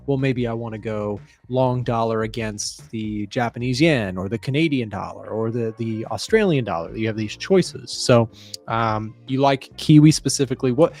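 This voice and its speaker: A man's voice: medium pitch, moderate pace, darkish tone. A man hosting live market commentary, explaining economic data and questioning a guest. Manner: conversational, explains and asks questions. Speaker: trading show host.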